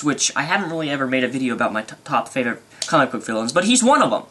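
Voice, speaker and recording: A young man rambling excitedly through an unscripted movie review vlog. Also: medium pitch, very fast, hardly any pauses.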